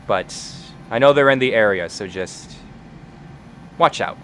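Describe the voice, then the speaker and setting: A man's voice: fairly low pitch, expressive, unhurried, a bit bright, a little hiss or hum. A man voicing a guarded farm woman.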